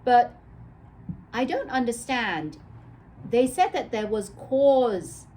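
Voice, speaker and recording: A woman's voice: a little high, sing-song, slow, darkish tone, a little hiss or hum, low-quality recording. Opinionated woman questioning in a chat. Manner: questioning, opinionated, asks why. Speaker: co-host. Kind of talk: casual chat.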